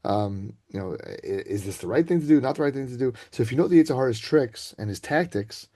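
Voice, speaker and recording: A man giving an informal Torah talk to students over a video call, chatty and conversational, often checking in with a quick "right?". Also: mid-range voice, animated, warm tone. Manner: casual, conversational, keeps asking "right?".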